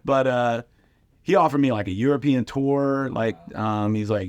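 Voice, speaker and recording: A middle-aged man telling comedy anecdotes casually, with lively impressions and lots of fillers. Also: medium pitch, normal speed, dry recording. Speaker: guest comedian and radio host. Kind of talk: casual storytelling.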